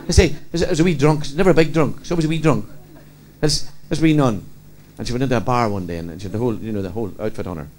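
A man's voice: medium pitch, racing, darkish tone. A man telling jokes in a chatty way and laughing as he goes. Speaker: comedian. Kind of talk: stand-up joke telling.

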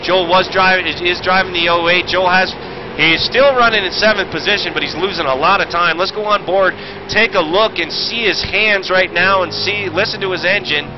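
A man's voice: high-pitched, normal speed. Brash, profane racing commentator man. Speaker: sim racing commentator and streamer. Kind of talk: off-the-cuff race commentary. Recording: muffled stream audio with loud engine noise. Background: racing game engine noise.

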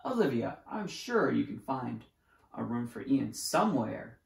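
A reader voicing a patient mother who speaks gently and reasonably, in a roomy echo. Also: medium pitch, very animated, unhurried, gravelly, far from the mic, exaggerated voice.

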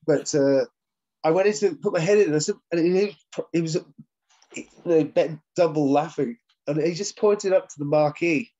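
The guest, a session drummer on a video call, has a warm voice on the high side and talks at normal speed. His anecdotes ramble, full of fillers and laughs, in a casual interview chat captured with dull lo-fi sound.

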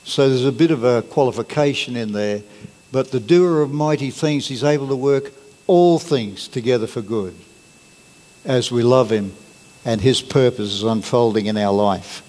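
A man's voice: medium pitch, normal speed, darkish tone. A man preaching a sermon as pastor, earnest and plain-spoken, leaning on key words. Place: church hall. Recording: long reverb of a church hall.

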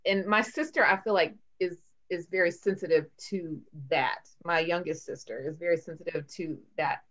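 A woman's voice: lowish voice, steady tone, normal speed, fairly bright tone. A woman hosting a podcast, chatting casually and hesitantly with many fillers. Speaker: podcast host. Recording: dull lo-fi sound.

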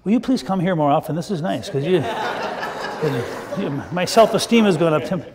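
A man's voice: a little high, expressive, moderate pace, long reverb tail, a crowd in the background. An older man, a pastor, telling a children's sermon in a playful, chatty way with the kids. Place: church sanctuary.

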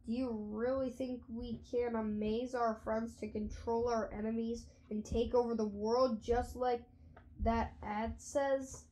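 A woman's voice: fairly high pitch, little pitch movement, a little slow, dark tone, lightly acted, low-quality recording. A woman voicing a curious, doubtful schoolboy sidekick in an audiobook, asking questions in a wondering tone.

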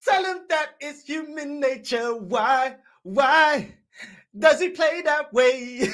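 A woman's voice: high-pitched, animated, takes it slowly, fairly bright tone. A woman hosting a football reaction channel, giving casual commentary with teasing, slangy banter and frequent laughs.

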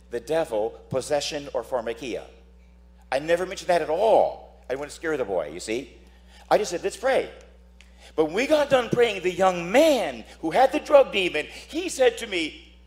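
A man's voice: a little high, a little mellow. A man who is a priest, preaching a dramatic sermon, telling stories and acting out voices while asking "Amen?".

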